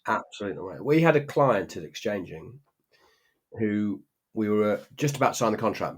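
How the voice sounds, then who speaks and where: A man's voice: sits low, slightly rough. A man co-hosting a podcast in casual chat, with wry jokey asides and long rambling anecdotes. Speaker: podcast co-host.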